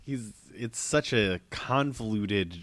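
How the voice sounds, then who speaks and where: Man, lowish voice, dry close sound, deadpan co-host chat. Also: slow pace, no room sound. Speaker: podcast co-host. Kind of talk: casual comedic chat.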